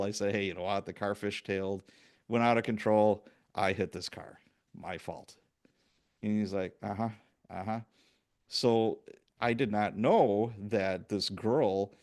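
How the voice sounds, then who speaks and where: A man in his sixties from Chicago, hosting a podcast and telling lively anecdotes with acted-out quotes. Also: on the low side. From Chicago, USA. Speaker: podcast host. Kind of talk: casual storytelling interview.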